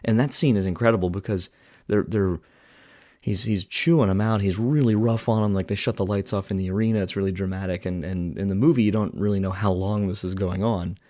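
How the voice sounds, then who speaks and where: A man's voice: on the low side, fairly even intonation, fairly quick, warm tone, no echo, studio quality. A man hosting a podcast, casually retelling and reviewing a film in a chatty way, with lots of filler words and quotes he acts out.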